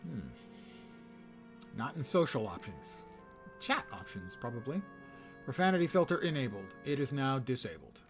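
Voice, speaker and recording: A man's voice: mid-range voice, big pitch swings, normal speed, pauses often, faint music behind. Wry older man streaming a game. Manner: wry, rambling, self-mocking asides. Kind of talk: live gameplay commentary.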